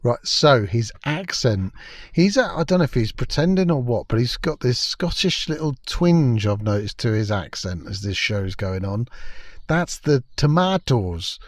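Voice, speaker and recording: A man's voice: mid-range voice, expressive, moderate pace, no room sound, studio quality. A man giving a sarcastic, scornful spoken review of a TV episode, swearing freely. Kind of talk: ranting video review commentary.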